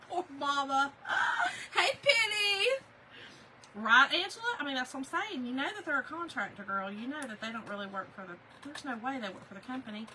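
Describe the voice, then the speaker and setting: A woman's voice: on the high side, lively intonation, fast, few pauses, bright, forceful tone, a little hiss or hum, poor audio. A middle-aged woman, chatting on a crafting livestream, laughing often and greeting viewers by name.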